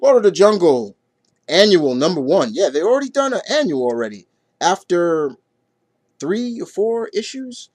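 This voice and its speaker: A man's voice: sits high, sing-song, moderate pace, darkish tone, no echo. A man giving a casual comic book review, rambling and stumbling through his retelling with lots of fillers.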